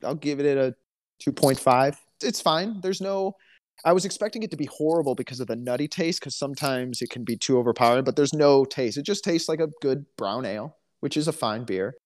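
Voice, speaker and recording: Chatting on a casual podcast he co-hosts, this Alabama man spins stories with dry humor and jokes. He speaks a little fast in a mid-range voice.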